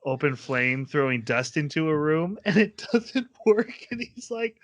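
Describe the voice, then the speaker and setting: A man's voice: a little high, big pitch swings, a little slow. A man co-hosting a podcast, casually retelling an anime plot with lots of fillers and small laughs. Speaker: podcast co-host. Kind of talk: casual anime recap chat.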